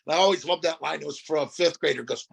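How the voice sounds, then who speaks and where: An older man as a podcast guest, telling lively stories and quoting children he has worked with. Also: on the high side, quick pace, creaky, husky. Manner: animated storyteller, quotes children. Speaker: guest speaker. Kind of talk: conversational podcast interview.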